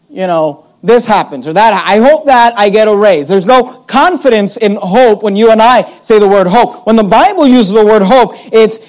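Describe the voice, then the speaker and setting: A preacher with a very high voice delivers his sermon with emphasis. He draws out key words of scripture and lifts his voice when quoting imagined questions from the congregation. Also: a little mellow. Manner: emphatic, slows down to stress scripture; quotes imagined listeners in a rising voice.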